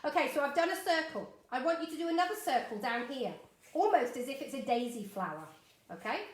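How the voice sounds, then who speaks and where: A middle-aged woman leads a live drawing lesson from her home studio, bright and high-pitched, chatting and encouraging her viewers as she works. Her voice rings in a roomy, echoey space. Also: animated, brisk. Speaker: art teacher.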